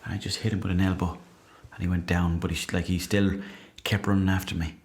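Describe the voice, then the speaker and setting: A low-pitched Irish man who hosts a comedy podcast. He reads listener messages with dry, deadpan timing, swears freely, and slips into mock outrage. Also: a little fast. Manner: deadpan, profane, mock-indignant. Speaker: podcast host. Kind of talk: comic monologue reading listener messages.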